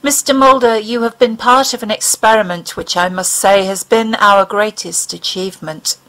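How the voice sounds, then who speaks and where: A woman's voice: mid-range voice, steady tone, moderate pace, a bit bright, close to an everyday voice, low-quality recording. A smug alien tormentor, as a woman reads him, coolly polite and belittling. He talks down to his captive with pleased satisfaction in an audiobook story. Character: smug male alien bounty hunter tormentor.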